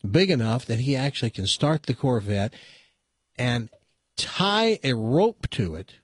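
A man's voice: mid-range voice, slightly rough, no room sound, clean studio sound. A man hosting a radio talk show, telling a long joke in a chatty way with stammered restarts. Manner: chatty, stammering restarts, laughs at own punchlines.

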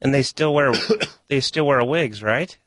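A man co-hosting a radio talk show, chatting in an animated way and laughing often. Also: mid-range voice, measured pace, dry recording. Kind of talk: casual radio chat.

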